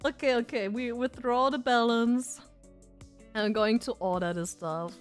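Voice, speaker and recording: A woman streamer chatting casually with her viewers, excitable and swearing freely. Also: a little high, measured pace, clear, resonant tone, faint music behind.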